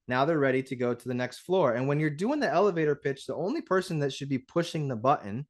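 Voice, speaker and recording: A man with a voice pitched a little above the usual teaches on a livestream in a lively, chatty way. He acts out little conversations as he explains. He restarts his sentences often and keeps checking in with a quick "right?". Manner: animated, conversational, acts out dialogues; frequent restarts and rhetorical "right?". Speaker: real estate investing coach.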